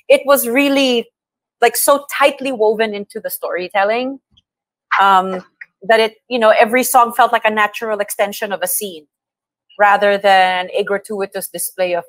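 An effusive woman talks as a guest on a morning radio show, her pitch sitting in an ordinary middle range. Her animated delivery often doubles back on words as she gathers her thoughts. The studio mic catches her closely and dryly, with no room sound. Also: moderate pace, no echo. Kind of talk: casual radio chat.

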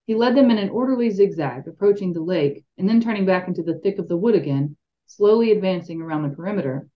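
A woman's voice: lowish voice, lively intonation, quick pace. A woman reading a fantasy novel aloud expressively as a podcast co-host, with light asides. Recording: dull lo-fi sound.

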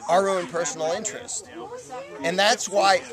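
Man debating hard outdoors; high, pushy voice over crowd chatter. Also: steady tone, moderate pace. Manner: insistent, challenging.

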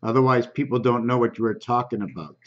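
A man hosting his own channel, slowly reading comments aloud in a halting, casual way with frequent ums. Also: medium pitch, highs cut off.

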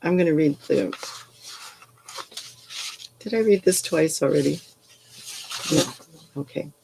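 A woman's voice: low voice, takes it slowly, vocal fry, warm tone, a little hiss or hum, rough recording. An older woman, a retired English professor, leads a poetry workshop over a video call, speaking thoughtfully with frequent ums and restarts. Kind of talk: reflective workshop talk with poetry readings.

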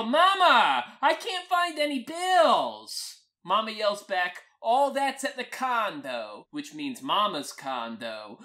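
A woman telling a crude, wry first-person comic story in a deadpan way. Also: deep voice. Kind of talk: first-person comic monologue over music. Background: acoustic guitar music.

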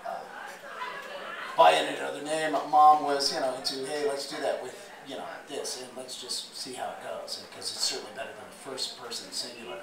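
A man with a slightly hoarse voice telling a rambling, profane story live on stage. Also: medium pitch, fairly even intonation, normal speed. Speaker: spoken word performer. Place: bar or club stage. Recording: roomy live recording from far off. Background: crowd murmur.

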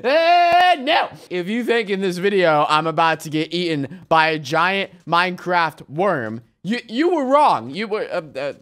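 A young man giving excited, exclamation-filled commentary on a video game as its regular host. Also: sits high, a little slow, hardly any pauses. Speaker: gaming YouTuber.

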